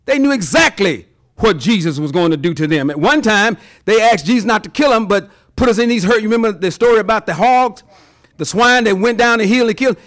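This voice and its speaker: A man preaching a sermon to his congregation, folksy and animated, acting out little voices in his examples. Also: high-pitched, fairly quick. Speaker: pastor.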